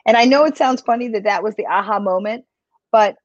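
A woman health coach talking in a live podcast interview, telling her story in a chatty, animated way. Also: mid-range voice, fairly quick, dry recording. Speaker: health coach and business owner. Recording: dry, dull lo-fi sound.

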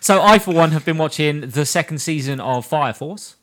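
A man's voice: on the high side, expressive, moderate pace, fairly bright tone. A man hosting a casual podcast, laying out film facts and swearing casually. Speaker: podcast host.

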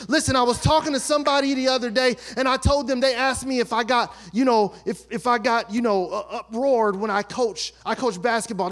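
Man, pastor, very high-pitched, emphatic sermon delivery with shouted peaks. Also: steady tone, fairly quick, few pauses. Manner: emphatic preaching, swinging between soft asides and shouted peaks. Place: church sanctuary.

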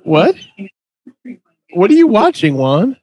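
A man's voice: high voice, huge pitch swings, takes it slowly, darkish tone. A man hosting a casual podcast, moving things along with a teasing, laughing manner. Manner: joking, teasing, laughs often. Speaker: podcast host running a movie fight bracket. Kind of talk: casual chat.

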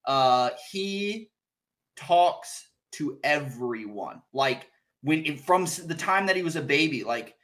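Male podcast co-host, conversational, voices the people in his stories, slightly higher pitch. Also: expressive, slow, fairly bright tone. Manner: chatty, acts out people's lines as he tells a story. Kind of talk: casual chat.

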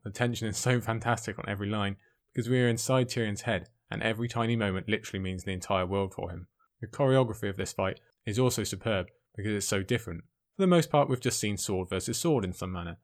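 A man giving an excited commentary on a fantasy book, speaking emphatically between the passages he reads out. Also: fairly low pitch. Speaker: book reviewer.

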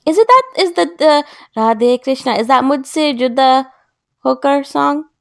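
High-voiced woman chiming in. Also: measured pace, vocal fry, a bit bright, no room sound, studio quality. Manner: chimes in with short prompts and reactions. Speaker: co-host. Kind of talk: casual chat.

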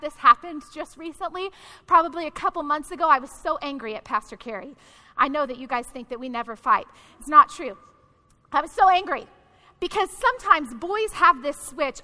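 A woman's voice: high-pitched, sharp tone. A woman pastor preaching a sermon to her congregation in a direct, conversational way. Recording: long hall reverb.

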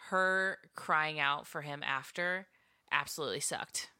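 Woman podcast co-host, bright and slightly low pitched, emphatic casual storyteller. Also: measured pace, clear, resonant tone. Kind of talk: casual book-club chat.

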